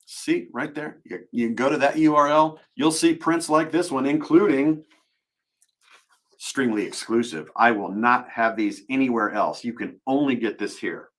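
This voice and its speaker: Here a man who does voice acting jokes around playfully while signing autographs for a livestream audience, often at his own expense. He speaks at a measured pace in a medium-pitched voice.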